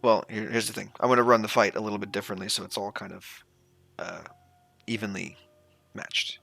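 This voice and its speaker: A man acting as game master, explaining the rules in a relaxed, rambling way. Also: fairly low pitch, fairly quick, vocal fry.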